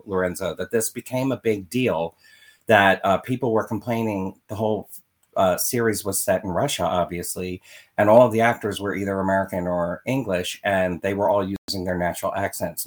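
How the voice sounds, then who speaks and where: A man co-hosting a casual chat, emphatic and opinionated as he makes his case. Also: lowish voice. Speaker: podcast co-host.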